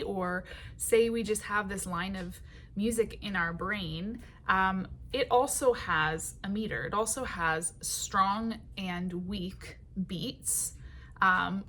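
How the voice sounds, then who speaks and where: A woman teaching songwriting in a patient, unhurried way, with many ums and short sung phrases. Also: medium pitch, fairly bright tone, slight background noise.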